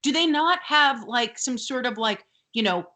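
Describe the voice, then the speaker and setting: A woman's voice: on the high side, animated, unhurried, pushed and bright. A woman co-hosting a podcast in casual chat, chatty, with many fillers and frequent laughs. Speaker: podcast co-host.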